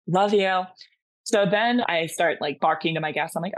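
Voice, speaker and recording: Podcast guest: woman from Massachusetts, lowish voice, lively storyteller who acts out every line. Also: moderate pace. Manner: animated storytelling, acting out dialogue. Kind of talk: casual chat.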